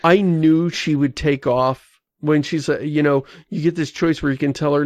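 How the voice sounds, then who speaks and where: A man's voice: fairly high pitch, moderate pace, dry recording. A man hosting a podcast, chatting casually and reading listener mail aloud. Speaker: podcast host. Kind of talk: casual chat.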